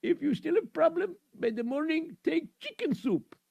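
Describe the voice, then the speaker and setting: A man's voice: very high voice, animated, normal speed, creaky, a little mellow, no echo, voice pushed up, heavily acted. A man voicing a jolly male court doctor who laughs at his own jokes and brushes patients off. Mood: amused.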